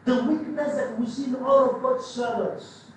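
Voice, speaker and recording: Emphatic preacher in a booming hall. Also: male voice, moderate pace, a little hiss or hum. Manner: emphatic, repetitive, with restarts. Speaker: pastor. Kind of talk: sermon. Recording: echoey hall, mic at a distance.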